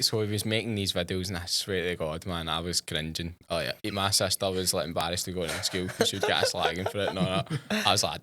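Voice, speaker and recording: A man's voice: sits low, fairly even intonation, pushed and bright, no room sound. A young man with a Scottish accent, telling stories as a guest on a casual chat podcast, chatty and slangy. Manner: chatty storyteller, quick laughs, slangy. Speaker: guest, chip shop worker and TikTok creator.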